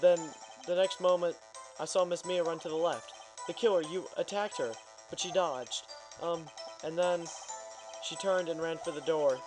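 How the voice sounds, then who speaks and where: A man's voice: a little high, steady tone, moderate pace, natural voice. A man doing a stammering, jittery witness. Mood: flustered. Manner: stammering, hesitant. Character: nervous, flustered male witness. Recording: voice over game music.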